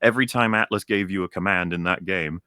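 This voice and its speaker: A man's voice: low voice, quick pace, bright, forceful tone, clean tone, no echo, studio quality. A young man ranting in a casual show chat, heated and profane, often restarting his sentences. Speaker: co-host.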